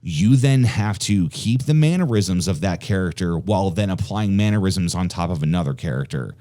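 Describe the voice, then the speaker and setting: A man co-hosting a podcast in casual chat, eager and quick in bursts, swearing casually. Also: deep voice, expressive, dark tone. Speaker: podcast co-host.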